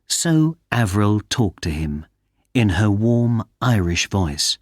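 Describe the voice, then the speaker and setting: A man narrating a simple story for English learners in a clear, careful reading. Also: on the low side, big pitch swings, takes it slowly, no room sound, clean studio sound. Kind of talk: slow scripted storytelling.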